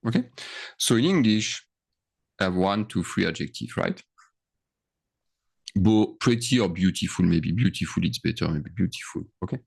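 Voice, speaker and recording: Man, teacher, deep voice, gravelly, thinking aloud, frequent check-ins. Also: animated, moderate pace, pauses often. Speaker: French teacher. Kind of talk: screen-share grammar lesson.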